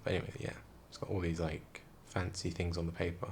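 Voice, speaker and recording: A young man talks in a hushed, tired voice, keeping it down so he won't wake anyone. His voice sits very low and turns gravelly and fried. A faint hiss sits under the talk. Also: little pitch movement, fairly quick, hardly any pauses. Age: young adult. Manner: hushed, quiet, rambling talk. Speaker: vlogger. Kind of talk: casual storytelling vlog. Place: room indoors at night.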